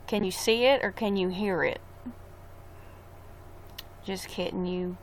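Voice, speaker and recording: A woman's voice: mid-range voice, steady tone, slow, a little hiss or hum. A young woman chatting casually on a live stream, rambling about a trip and reading viewer comments aloud. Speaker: livestreamer.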